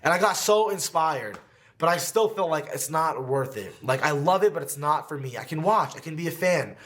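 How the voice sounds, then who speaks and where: A man's voice: a little high, animated, moderate pace, a bit bright. A young man from New Jersey telling a candid, emotional personal story to camera in his home podcast studio, with many fillers. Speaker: competitive gaming creator.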